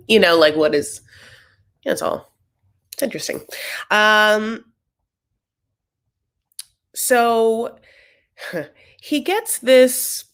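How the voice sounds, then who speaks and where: A woman's voice: fairly low pitch, big pitch swings, takes it slowly, creaky, pauses often, fairly bright tone. A young adult woman hosting a casual TV recap, chatty and sassy with rambling asides. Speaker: host.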